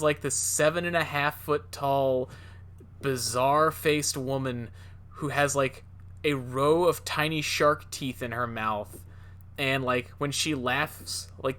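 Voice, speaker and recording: Bright-voiced rambling male podcaster. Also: on the high side. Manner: rambling, many fillers and restarts. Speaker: podcast co-host. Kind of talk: casual chat.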